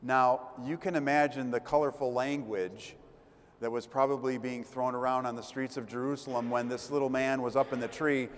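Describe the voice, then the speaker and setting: A man's voice: medium pitch, level tone, normal speed. A man giving a conversational sermon as a priest, retelling gospel stories and acting out the crowd's voices. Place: church. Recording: long church reverb.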